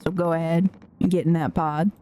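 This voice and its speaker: A woman voicing a bitter, weary old male ship mechanic in a low, grim, resigned drawl while reading game dialogue aloud. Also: fairly even intonation, a little fast, dark tone, lightly acted. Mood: grim resignation.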